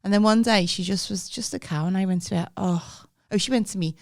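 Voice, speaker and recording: A woman's voice: lowish voice, fast talker, few pauses, fairly bright tone. A woman, co-hosting a podcast and telling stories in a chatty, swearing way, acting out what people said. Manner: chatty anecdotes with acted-out quotes and swearing. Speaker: podcast co-host. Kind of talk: casual storytelling chat.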